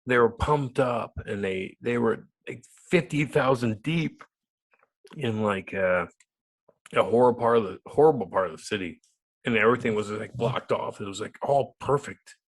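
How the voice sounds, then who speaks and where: A man, a former hockey enforcer turned radio host, telling a loud, profane, animated story in an interview. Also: medium pitch, normal speed. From United States.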